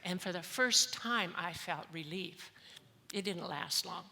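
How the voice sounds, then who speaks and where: Brief: middle-aged woman, candid testimony speaker, bright lowish voice, reverberant hall. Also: measured pace, vocal fry. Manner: candid, emotional, storytelling. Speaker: conference speaker. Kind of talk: personal testimony talk.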